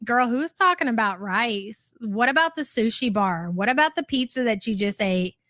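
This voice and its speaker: A woman with a high voice hosts a commentary livestream, reading super chats aloud. She talks in a sarcastic, incredulous, teasing way. Her voice sounds dry and close to the mic. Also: animated, moderate pace, a bit bright, dry recording. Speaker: commentary channel host.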